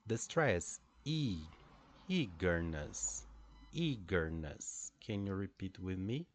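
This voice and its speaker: A man who speaks English as a second language teaches pronunciation in a low voice. He goes slowly and deliberately and repeats each word so listeners can drill it. The sound is dry and close. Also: no echo. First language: not English. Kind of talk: pronunciation lesson.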